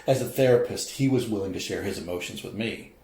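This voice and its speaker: A middle-aged man from St. Louis, USA, a professor appearing as a podcast guest, tells a candid personal story with emotion, acting out quoted voices. His voice is fairly low, fast, and a little mellow. The podcast room is roomy and echoey.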